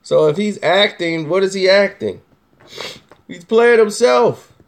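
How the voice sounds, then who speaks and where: Sex: male. Role: host. Style: casual opinion commentary. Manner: emphatic, teasing, repetitive; voice slightly high. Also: lively intonation, measured pace.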